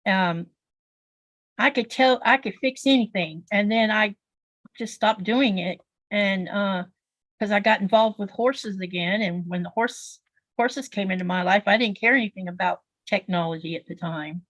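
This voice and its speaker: A woman's voice: mid-range voice, moderate pace, a bit bright, dry recording, rough recording. Chatty woman rambling through a story. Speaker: livestream co-host, quilter. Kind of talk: casual livestream chat.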